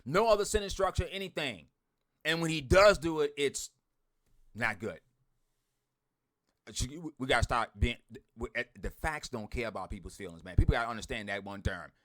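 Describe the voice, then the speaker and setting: A man ranting bluntly to his online group, swearing a lot, repeating himself and swinging from loud outbursts to muttering. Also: medium pitch, expressive, moderate pace, long pauses. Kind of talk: heated profane rant to followers.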